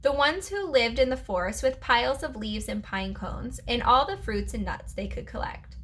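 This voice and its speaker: A woman teacher reading a children's chapter book aloud, with lively storytelling and playful voices. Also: a little high, moderate pace.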